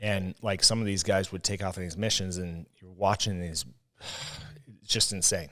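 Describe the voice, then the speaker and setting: A man's voice: low voice, fairly even intonation, normal speed, fairly bright tone. A young adult man co-hosting a podcast in casual, profane, rambling chat. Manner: profane, rambling, laughs often. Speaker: podcast co-host.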